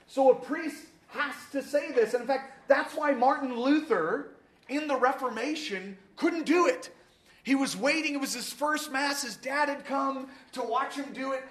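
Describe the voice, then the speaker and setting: A man teaching a casual sermon in a church, lively and joking, with many fillers and questions to the room. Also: very high voice, echoey room.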